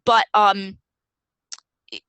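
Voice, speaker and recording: Bright-voiced woman explaining on a webinar. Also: mid-range voice, little pitch movement, extremely slow, smooth, no room sound, poor audio. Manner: careful, explanatory, lecturing. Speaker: guest author and scholar. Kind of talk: webinar discussion.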